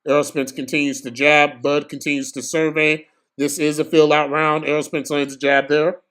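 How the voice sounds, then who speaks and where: Excitable slangy male fight streamer. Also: on the high side, normal speed, clean tone. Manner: excitable, slangy, bursts into screaming. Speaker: livestream boxing commentator. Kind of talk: casual live fight commentary.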